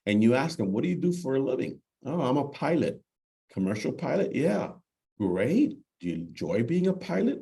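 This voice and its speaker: A man's voice: lowish voice, warm tone. Emphatic male real estate instructor. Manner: emphatic, role-plays client conversations. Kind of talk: sales training talk.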